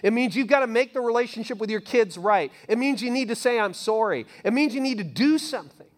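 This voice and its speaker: A male pastor preaches in a loose, talky style, his voice sitting high and leaping around a lot. He punches key lines, then drops to a near-whisper. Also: quick pace. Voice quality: animated, conversational preaching with sudden soft drops. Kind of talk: sermon.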